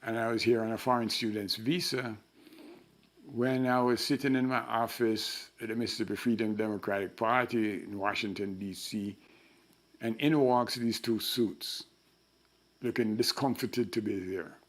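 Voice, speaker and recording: A man's voice: lowish voice, moderate pace. An older man telling stories in an interview, acting out the voices of the people in his anecdotes. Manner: animated storyteller who acts out the voices in his anecdotes. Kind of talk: storytelling interview.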